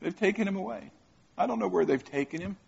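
Guy putting on a weeping desperate woman at a grave, high and pleading, husky, muffled lo-fi sound. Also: lively intonation, quick pace, darkish tone, exaggerated voice. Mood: tearful. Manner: pleading, breaking with distress.

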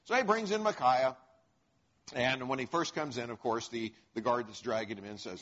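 A man teaching a Bible lesson, retelling the story in a conversational, animated way with chuckles. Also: mid-range voice, moderate pace, a little hiss or hum. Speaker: preacher. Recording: dull lo-fi recording.

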